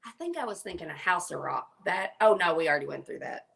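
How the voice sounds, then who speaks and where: A woman's voice: lowish voice, expressive, fast, vocal fry, a bit bright. Playful woman in a casual chat. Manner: playful, emphatic, teasing. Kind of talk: casual live-stream chat.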